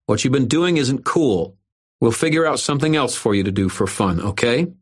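A man's voice: mid-range voice, animated, moderate pace, breathy edge, voice pushed up. A man voicing a big, strong young boy who snarls firm warnings, in an audiobook. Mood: earnest. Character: large, strong young boy, angry but kind.

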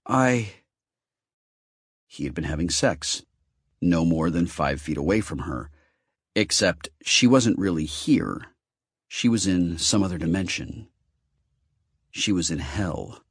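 Man, audiobook narrator, husky low voice, dry close sound. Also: takes it slowly, long pauses, no room sound. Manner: expressive, animated reading.

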